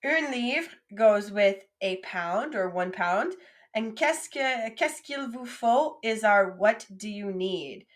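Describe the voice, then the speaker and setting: A woman teaching French vocabulary patiently, saying words and pausing for the listener to repeat them. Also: medium pitch, expressive. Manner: patient, drills words for repetition. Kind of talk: recorded classroom lesson.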